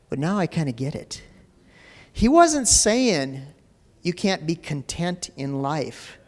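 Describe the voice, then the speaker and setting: With a fairly high, animated voice and an unhurried delivery, a pastor gives a loose, conversational sermon full of "you know" fillers. It was recorded in a church sanctuary with long reverb.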